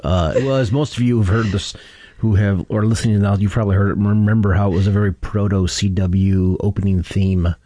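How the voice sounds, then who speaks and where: Halting low-voiced man hosting, dry close mic. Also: fairly even intonation, warm tone, no echo. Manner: halting, restarts often. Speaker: podcast host. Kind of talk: casual podcast chat.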